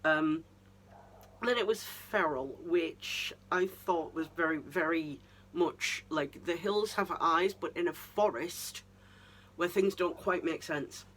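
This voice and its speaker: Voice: medium pitch, slow pace, fairly bright tone, a little hiss or hum. A vlogger giving a casual review monologue of a TV season, ranting and incredulous, with many restarts.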